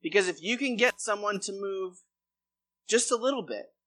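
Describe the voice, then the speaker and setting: A man's voice: sits high, animated, normal speed, fairly bright tone. A man preaching a sermon as pastor, reading a long scripture passage aloud before explaining it.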